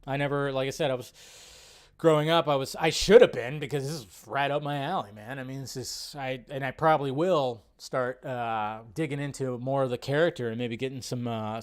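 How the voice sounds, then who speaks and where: A man hosting a casual film-commentary livestream, animated and reacting loudly, with some swearing. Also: medium pitch. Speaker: livestream host.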